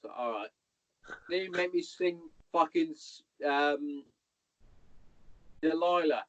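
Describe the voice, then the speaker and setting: A man's voice: fairly high pitch, slow pace, no room sound. A man, a podcast guest rambling through army anecdotes in casual chat, swearing a lot and calling the listener "mate". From Hereford, England. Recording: dull lo-fi podcast audio.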